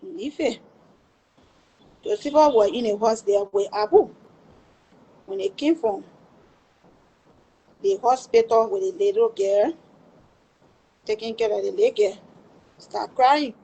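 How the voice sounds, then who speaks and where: A woman's voice: fairly high pitch, takes it slowly, pauses often, mellow, breathy edge. A middle-aged woman with a Liberian English accent, telling a painful family story in an emphatic, pleading way and swearing before God that it is true. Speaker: livestream storyteller. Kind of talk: emotional personal testimony.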